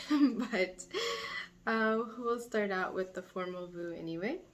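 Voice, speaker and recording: Slow-paced woman teaching a language. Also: medium pitch, expressive, fairly bright tone. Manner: slow, repeats phrases for learners. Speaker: French teacher. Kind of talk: beginner language lesson.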